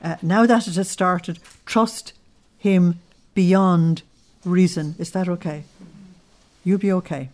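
A woman with a lowish voice delivers a spoken sermon, earnest and unhurried. She teaches from scripture and slips into personal stories as she goes. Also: fairly even intonation, a little mellow. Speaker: religious teacher.

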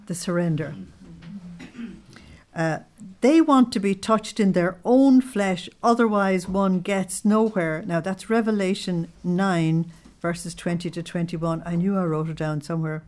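A woman leading a devotional study group, reading spiritual passages aloud and slowing down to stress key words, often checking that her listeners follow. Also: on the low side, darkish tone. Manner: asks listeners to check their understanding. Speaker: religious study group leader.

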